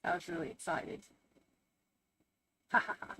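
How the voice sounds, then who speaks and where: A woman's voice: measured pace, bright, forceful tone. A woman hosting a casual live stream from home, chatting, swearing freely, laughing often and answering her chat.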